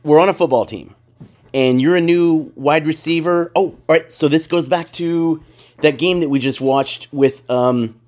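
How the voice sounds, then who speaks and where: A man's voice: fairly high pitch, measured pace, darkish tone. A man in casual podcast chat, rambling and emphatic, swearing freely as he makes his points.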